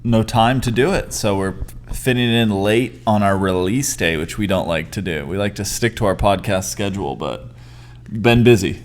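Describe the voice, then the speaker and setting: A man with a fairly low voice co-hosts a relaxed podcast from a house-sit. He jokes around and gives blunt opinions, often trailing off and restarting his sentences. The talk is loose, offhand chat between hosts. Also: moderate pace. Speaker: podcast co-host.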